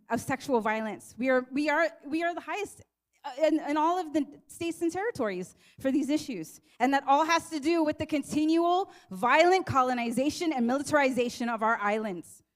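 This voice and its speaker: Woman, activist speaker, impassioned, earnest, high voice, rally speech. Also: normal speed. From Guam. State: emotional, near tears. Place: teach-in event hall.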